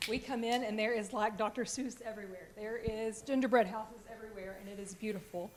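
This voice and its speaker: A woman's voice: mid-range voice, fairly even intonation, a little fast, slight background noise. A woman presenting a staff award at a board meeting, speaking with emotion and fillers like um and like. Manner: heartfelt, close to tears, fillers like um and like. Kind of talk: public speech at a board meeting.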